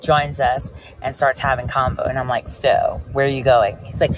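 A woman's voice: a bass voice, normal speed, background noise. A woman hosting a casual livestream chat, telling rambling stories and talking straight to her viewers. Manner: rambling, animated storytelling; speaks directly to viewers.

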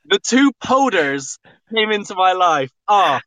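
A man's voice: high-pitched, big pitch swings, unhurried, a bit bright. A British man from the south of England calling in to a podcast, playful and self-deprecating. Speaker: caller, listener. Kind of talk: casual call-in chat.

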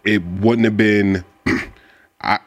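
A man co-hosting a casual sports chat, speaking in a relaxed, halting way and often restarting his sentences. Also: on the low side, dry recording. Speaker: co-host.

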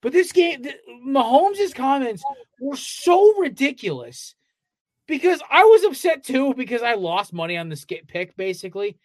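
A man's voice: very high-pitched, very animated, normal speed, no echo. A man co-hosting a casual sports podcast, ranting with heavy profanity. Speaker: podcast co-host.

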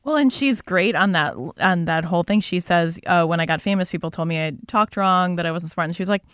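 A woman co-hosting a podcast, talking in an animated, admiring way. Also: fairly low pitch, fairly quick, no echo, studio quality. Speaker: podcast co-host. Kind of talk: casual chat.

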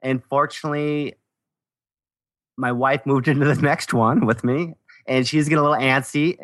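A man's voice: medium pitch, fairly even intonation, normal speed, a bit bright, dry recording. An older man, a landlord guest, telling stories in easygoing, joking casual chat.

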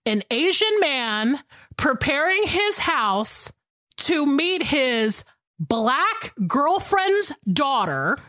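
A woman's voice: high voice, very animated, very slow, sharp tone, no echo, studio quality. A woman in her thirties co-hosting a podcast, chatting casually and emphatically with many fillers. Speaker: podcast co-host. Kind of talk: casual chat.

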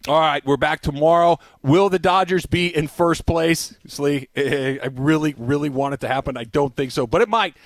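Male radio host, slightly high voice, dry studio sound, animated, laughs a lot, casual banter. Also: moderate pace, few pauses, no room sound. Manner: animated, laughs often, repeats phrases.

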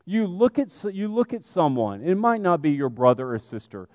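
A man preaching a sermon, animated and conversational, speaking straight to his congregation. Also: a little high, normal speed, dry recording, clean studio sound, long reverb tail.

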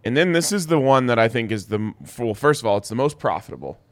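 A young man co-hosting a sports betting show, clearing his throat and saying he is losing his voice as he runs through betting stats. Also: medium pitch, animated, fast talker. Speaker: sports betting podcast co-host. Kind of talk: casual sports betting chat.

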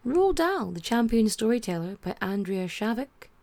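A woman's voice: on the high side, very animated, normal speed, a little mellow, no room sound. A young woman hosting a podcast, rambling and chatty, packing her talk with "like". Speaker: podcast host. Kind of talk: casual podcast chat.

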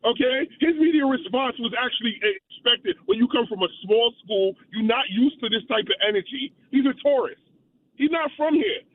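A man's voice: extremely high pitch, expressive, normal speed. A male radio caller, talking bluntly and animatedly about his opinion. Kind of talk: call-in radio chat. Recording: tinny phone line.

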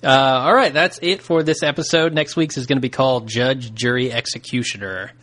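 Male podcast co-host, mid-pitched, easygoing, frequent laughs. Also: fairly bright tone. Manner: laid-back, laughs often, quick quips. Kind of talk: casual podcast chat.

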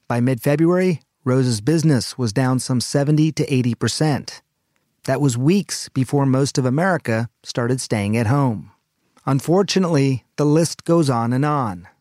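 A man hosting a news podcast, reading a scripted narration in a calm, measured, earnest way. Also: medium pitch, no echo, clean studio sound. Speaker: medical correspondent and podcast host.

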